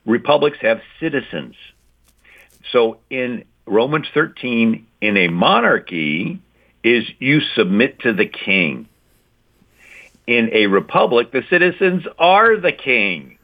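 A man's voice: mid-range voice, very animated, slow pace. A man giving an emphatic talk on church history, explaining points and checking in with "right?". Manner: lecturing, repeats key points with "right?". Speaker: guest speaker on Christian history. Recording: tinny phone-like line.

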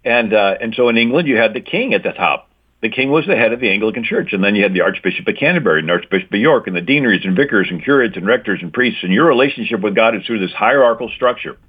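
A man's voice: fairly low pitch, expressive, quick pace, breathy edge. Man lecturing over a tinny line. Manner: lecturing, repeats key points with "right?". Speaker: guest speaker on Christian history. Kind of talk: emphatic explanatory talk.

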